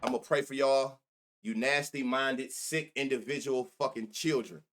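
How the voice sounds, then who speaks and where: A man's voice: medium pitch, moderate pace, fairly bright tone, slight background noise. Profane rambling man streaming betting picks. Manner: rambling, profane, joking, talks to chat. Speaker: sports betting show host. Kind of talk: casual live-stream chat.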